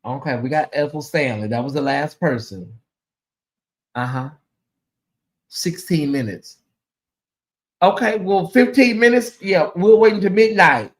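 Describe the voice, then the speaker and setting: A man's voice: on the high side, animated, a little slow, pauses often. A man hosting a casual livestream, chatty and emotional, sounding sleepy as he thanks viewers by name. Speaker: livestream host.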